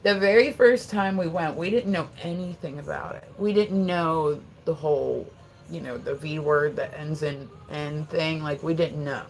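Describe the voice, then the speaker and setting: At a normal speed and medium pitch, with some faint background noise, a Pennsylvania livestreamer in their forties talks casually from home. The chat meanders, full of "like"s, frequent laughter, and offhand swearing.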